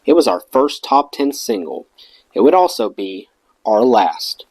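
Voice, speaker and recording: A man reads a memoir aloud with a lively, swinging delivery at a middling pitch. His voice sits close and dry, with no room around it. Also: measured pace, husky, dry recording, low-quality recording. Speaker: audiobook reader.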